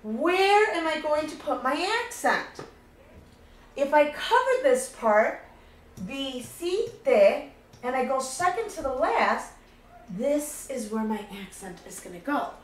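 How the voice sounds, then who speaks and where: A woman's voice: high voice, very animated, takes it slowly, echoey room, rough recording. A woman teaching a Spanish grammar lesson, patiently walking through each step and repeating key points.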